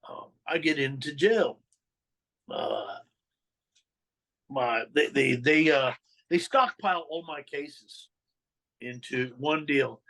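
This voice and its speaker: Fast-talking middle-aged man telling street stories. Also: on the high side, a bit bright, low-quality recording. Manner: street slang, swears, acts out quoted dialogue. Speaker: podcast guest telling his life story. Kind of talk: candid storytelling interview.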